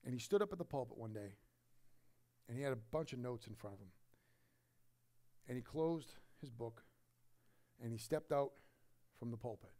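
A middle-aged pastor preaching a sermon, telling a personal story with emotion, swinging from loud emphasis to hushed quiet. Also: male voice, medium pitch, animated, moderate pace, pauses often.

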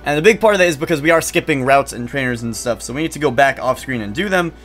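A man hosting co-op gameplay commentary, excitable, swearing freely and bursting into loud exclamations. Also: medium pitch, fast, faint music behind. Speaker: gaming channel host.

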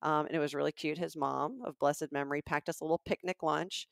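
A middle-aged woman from Alabama with a Southern accent, co-hosting a podcast and telling an animated story. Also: sits low, brisk, vocal fry, no room sound, clean studio sound. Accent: Southern American. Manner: animated storyteller acting out quotes. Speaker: podcast co-host. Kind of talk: casual storytelling chat.

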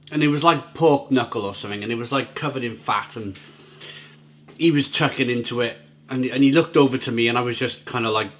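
A man's voice: medium pitch, fairly bright tone. Chatty male food vlogger. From Britain. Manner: chatty, rambling, repeats words. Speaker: food and beer reviewer. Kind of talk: casual review vlog. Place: at home, near the grill.

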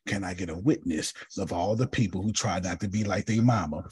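A man's voice: sits low, fairly quick, a little mellow, husky, no echo, studio quality. A man teaching a group on a video call, blunt and joking, calling on listeners by name. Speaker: teacher and coach. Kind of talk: lively teaching session with a group.

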